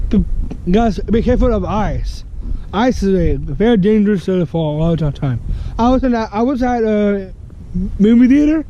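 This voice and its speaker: Halting vlogger man, outdoors in snow, high voice, slow speech, dull action-cam audio. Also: warm tone, a little hiss or hum. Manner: halting, repeats words, many restarts. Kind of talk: casual vlog talk to camera. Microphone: action camera held by the speaker.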